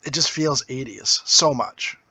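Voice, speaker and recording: A man co-hosting a casual movie-review podcast, enthusiastic and quick to giggle. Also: medium pitch, pushed and bright, slightly rough, dry recording. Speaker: podcast co-host.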